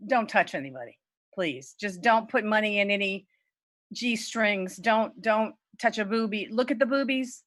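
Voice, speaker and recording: A middle-aged woman from Louisiana telling a true personal story at a story slam over a video call, candid and swearing freely, her voice leaping high when she quotes herself. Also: a bit bright, no room sound. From Lafayette, Louisiana. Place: home, virtual event.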